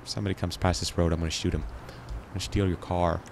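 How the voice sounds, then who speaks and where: A man's voice: low voice, flat delivery, quick pace, creaky, background noise. A man hosting a gaming channel, rambling and joking to himself as he plays. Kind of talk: let's play commentary.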